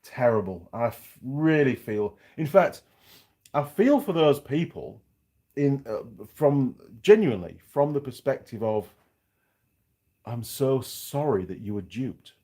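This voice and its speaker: A warm, mid-range male voice moves slowly but with lively intonation. He's a middle-aged mechanic and channel host from Yorkshire, England, whose accent has faded, talking casually and frankly to viewers on a livestream with plenty of rambling asides.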